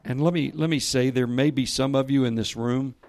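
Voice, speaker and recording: A man preaching to a room of listeners, reading a story aloud and raising his voice for the quoted lines, then dropping low and soft for emphasis. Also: fairly even intonation, brisk. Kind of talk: sermon with a read-aloud story. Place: church or meeting room with listeners.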